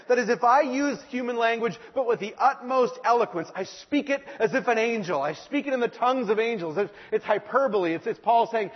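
A male preacher giving an earnest sermon, slowing down and pressing hard when he quotes scripture. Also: sits high, lively intonation, slightly rough. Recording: dull lo-fi sound in a reverberant hall.

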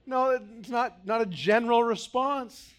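A middle-aged male pastor preaching a sermon, acting out voices and swinging between loud outbursts and quiet, low passages. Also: measured pace, clean tone.

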